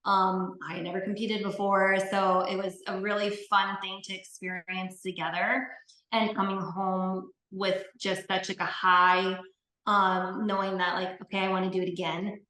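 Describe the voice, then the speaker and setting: A woman appearing as an interview guest, a bodybuilding competitor, tells her story casually, earnestly and from the heart, using lots of fillers. Her medium-pitched voice has a flat delivery and a sharp tone at a moderate pace, recorded in an echoey room.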